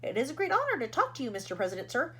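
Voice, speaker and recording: Give me an eager, deferential male astronaut, as a woman puts him on, polite and keen with a bright, lively voice in a storybook reading. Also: high-pitched, very fast, slightly rough, pitched above the performer's own voice, full character voice.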